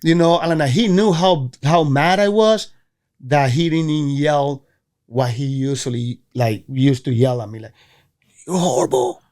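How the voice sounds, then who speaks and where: Man from venezuela, animated storyteller, slightly high voice, former ball player guest. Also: measured pace. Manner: animated, acts out quoted voices with jumps in pitch. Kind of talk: casual storytelling.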